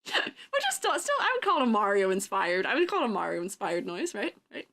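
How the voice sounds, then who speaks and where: A young woman streamer in casual chat, giggling often and breaking into silly yells and cartoonish sound-effect noises. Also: mid-range voice, sing-song, quick pace, gravelly.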